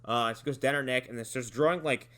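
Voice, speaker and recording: A man's voice: mid-range voice, fast talker, a bit bright. A man co-hosting a podcast, chatting casually, joking and acting out characters' lines sarcastically. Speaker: podcast co-host.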